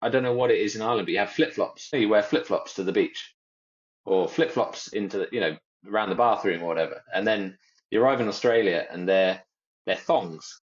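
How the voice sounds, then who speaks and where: A man's voice: fairly low pitch, a little fast, muffled recording. A man co-hosting a podcast in casual chat, rambling and jokey and mimicking other people's phrases. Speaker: podcast co-host.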